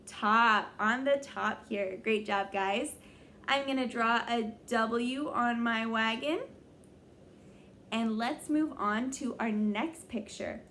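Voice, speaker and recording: A young woman teaching young children a phonics lesson, sounding out letters slowly and praising them often. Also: fairly high pitch, a bit bright, slight background noise. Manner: slow, exaggerated sounding-out of letters; encouraging, praising. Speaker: kindergarten teacher.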